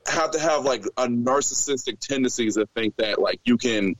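A man's voice: medium pitch, normal speed, no room sound, low-quality recording. A man in casual podcast chat, rambling with lots of fillers and giving blunt opinions.

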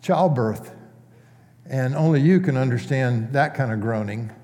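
A male pastor preaching in a relaxed, conversational way, asking his congregation questions as he teaches. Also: mid-range voice, a little slow. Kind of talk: sermon. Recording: long church reverb.

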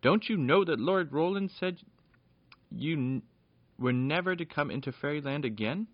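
A man's voice: medium pitch, sing-song, brisk, voice pushed up. A man voicing a stern male fairy gatekeeper who scolds indignantly. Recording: dull lo-fi dry recording.

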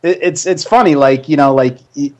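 A man's voice: a little high, brisk, background noise. A man co-hosting a casual radio chat, rambling with many fillers and frequent laughs. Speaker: co-host.

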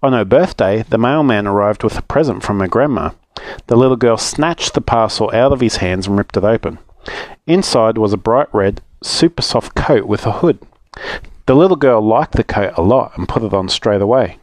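A man with an Australian accent, reading a children's story aloud as a storytelling dad, with an expressive read-aloud manner. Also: on the low side, normal speed, no room sound.

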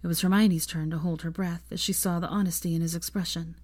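A woman reading fan fiction aloud in a soft, intimate narrating voice. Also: on the low side, steady tone, quick pace. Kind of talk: audiobook narration.

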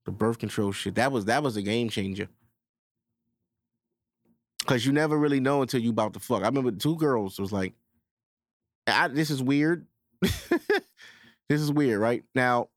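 A man's voice: medium pitch, dry recording, studio quality. A young man hosting a podcast, telling crude stories in casual chat and acting out quotes in a raised voice. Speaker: podcast host.

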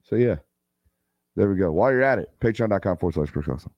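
Animated man chatting on a live stream. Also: sits low, fast, no room sound, dull audio. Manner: loose, animated storytelling with slang and asides. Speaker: host of a live football show. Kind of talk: casual live-stream chat.

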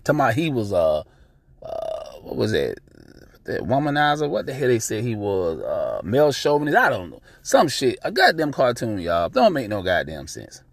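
A man's voice: mid-range voice, normal speed, creaky, no room sound. Blunt, profane man ranting, dry sound. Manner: blunt, profane, animated, repeats himself. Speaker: podcast host. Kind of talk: casual ranting monologue.

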